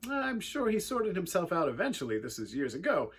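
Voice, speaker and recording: A man with an English accent, telling a personal story in an animated, wry and earnest way as a youth speaker. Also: high-pitched, a little fast, breathy edge. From England.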